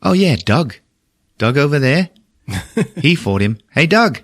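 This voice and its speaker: A man with a put-on New Zealand accent voicing a huge, gentle male rock creature who talks in a soft-spoken, easygoing way. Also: fairly high pitch, sing-song, takes it slowly, voice pushed up, full character voice.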